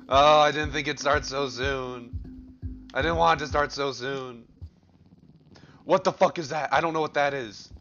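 A young man giving casual, excitable gameplay commentary, swearing and yelping in panic as he plays. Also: medium pitch. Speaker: gameplay streamer. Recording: dull lo-fi audio with game music. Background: game music.

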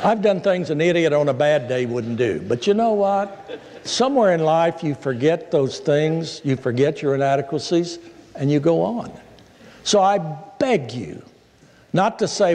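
A male pastor preaching a sermon in a church, telling stories in a folksy, animated way. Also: fairly high pitch, measured pace. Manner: storytelling, folksy, animated asides. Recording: echoey church hall.

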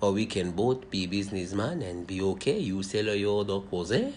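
A man voicing a scheming restaurant owner in a low, suave mock-French accent. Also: expressive, moderate pace, darkish tone, a little hiss or hum, lightly acted.

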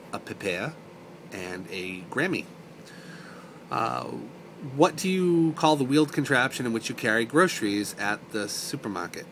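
A man from north of Boston with a softened Boston accent, casually reading a word list and answering questions, adding short explanations to some of the words. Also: mid-range voice, slight background noise. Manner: relaxed, explains words as he reads them. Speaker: vlogger.

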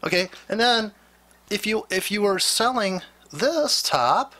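A man walks through a chart on his computer in a loose, rambling trading lesson. He talks bluntly and with a sarcastic, ranting edge. His voice sits a little high and sounds bright and forceful. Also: lively intonation, measured pace. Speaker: trading instructor.

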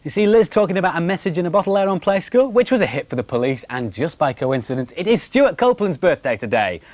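A man's voice: a little high, very animated, fast talker, a little mellow, slight background noise. A man presenting on the radio in a chatty, jokey way, reading out birthday messages.

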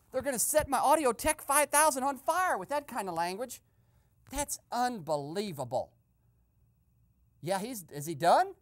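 A woman voicing an excitable male radio host who eavesdrops and gives gossipy running commentary full of exclamations. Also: fairly high pitch. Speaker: host and narrator. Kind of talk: comedic radio sketch narration.

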